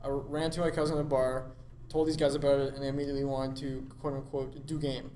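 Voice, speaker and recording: A man's voice: mid-range voice, little pitch movement, fast talker, dark tone, a little hiss or hum. A young Canadian man co-hosting a podcast, telling stories casually with self-deprecating laughs. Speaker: podcast co-host. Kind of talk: casual chat. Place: big classroom. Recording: roomy echo in a classroom.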